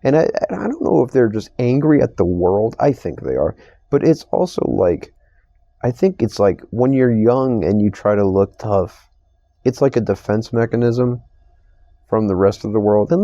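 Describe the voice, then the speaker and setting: A young man rambles through a profane, exasperated podcast rant. His voice is dark and gravelly, swinging widely in pitch, and the dry recording sounds a little dull. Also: dry recording. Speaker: podcast host. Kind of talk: casual solo podcast rant. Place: store receiving area.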